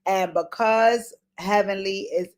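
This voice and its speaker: A woman's voice: mid-range voice, takes it slowly. A woman recapping reality TV in a loose, talky commentary. She is blunt and swears freely. She hammers her points with repeated words and speaks straight to the people she is discussing. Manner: animated, repeats words for emphasis. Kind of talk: casual commentary vlog.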